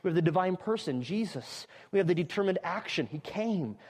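A man preaching an expository sermon, emphatic, repeating phrases and building to loud climaxes. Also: high-pitched, lively intonation, brisk, big-room sound.

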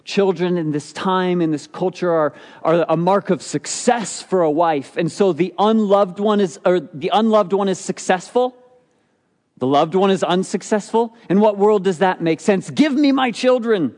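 Guy preaching a sermon, bit higher voice, long echo like a big church hall. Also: normal speed, darkish tone. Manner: expository preaching, rhetorical questions, acts out quotes. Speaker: pastor.

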